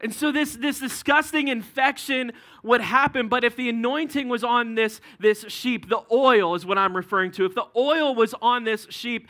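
A male pastor preaching a sermon to his congregation, with joking asides dropped quietly between points. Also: sits high. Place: church sanctuary.

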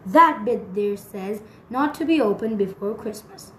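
A woman's voice: mid-range voice, expressive, unhurried, slight background noise, close to an everyday voice. A woman voicing a tubby, teasing male professor who takes his time, in a storybook reading. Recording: echoey room.

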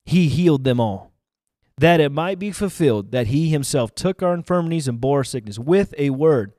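A man preaches to an online audience with fervent, emphatic delivery, often building to loud declarations. His voice sits a little high for a man. The sound is dry and close, with no room echo. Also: expressive, normal speed. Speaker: evangelist preacher. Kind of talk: livestreamed sermon. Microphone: camera mic, speaking to online viewers.

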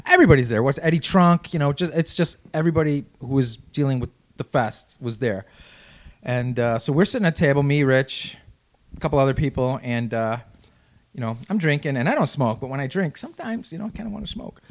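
A man's voice: mid-range voice, lively intonation, brisk. A man from the Chicago area telling a rambling, profane story in casual chat.

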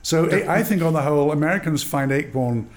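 A man's voice: a little high, a little fast. An older man, an actor and drama teacher, telling anecdotes in an interview, acting out dialogue and laughing often. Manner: animated, acts out dialogue in voices, laughs often. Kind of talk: storytelling interview.

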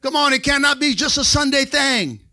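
A man preaching a Pentecostal sermon in a church. He calls for amens and rises to excited shouts. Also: very high voice, normal speed. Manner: call-and-response preaching, asks for amens. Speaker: pastor. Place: church sanctuary.

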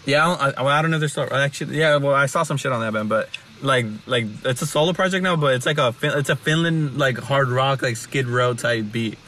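A man's voice: mid-range voice, fairly quick, few pauses, pushed and bright, distant mic, slight background noise. A young man hosting a casual chat, rambling with lots of fillers, restarts and swearing.

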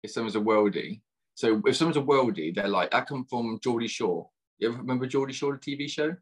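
Casting: young English man, husky tone, chatty podcast guest, slang-heavy. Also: mid-range voice, fast. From England. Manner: chatty, full of British slang. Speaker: dating coach. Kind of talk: casual chat.

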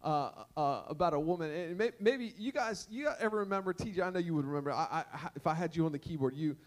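A man's voice: fairly high pitch, fast talker. A man preaching a sermon, telling a story with many repeated words and bits of song. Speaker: pastor.

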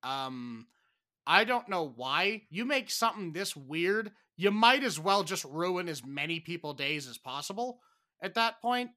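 A man co-hosting a podcast in casual chat, animated and given to exaggerated, dramatic outbursts. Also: high voice, unhurried. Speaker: podcast co-host.

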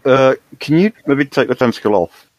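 A man's voice: mid-range voice, moderate pace, muffled recording. A man playing a tabletop game in character, dry and wary in his replies. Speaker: player. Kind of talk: tabletop game role-play.

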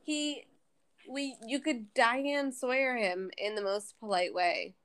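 Polite, measured woman podcast guest. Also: on the high side, fairly bright tone. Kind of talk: casual podcast chat.

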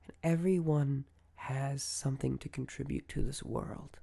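A man's voice: mid-range voice, steady tone, unhurried, gravelly, hardly any pauses, mellow. A man hosting a solo podcast, talking through his thoughts in a reflective, conversational way, with many fillers and self-corrections. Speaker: podcast host. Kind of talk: solo podcast monologue on mental health.

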